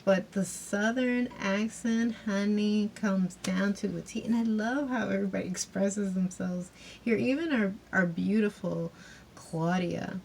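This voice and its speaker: A woman's voice: medium pitch, a little slow, creaky, a little mellow, a little hiss or hum. A woman chatting casually as she reviews a TV series, loose and talkative, with frequent fillers and asides.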